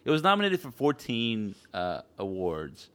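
Guy with a lowish voice, chatty, swears a bit, tells stuff animatedly. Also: normal speed. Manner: animated storytelling, swears casually, mimics other people. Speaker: podcast co-host. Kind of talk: casual chat.

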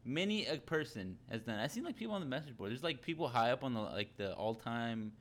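A man's voice: medium pitch, very animated, fairly quick, a bit bright. A young man hosting a casual chat, rambling with lots of fillers and restarts.

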